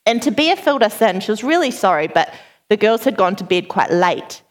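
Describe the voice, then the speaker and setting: A woman in her thirties giving a sermon, opening with a chatty, animated personal story and frequent laughter. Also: mid-range voice, a little fast. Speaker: preacher.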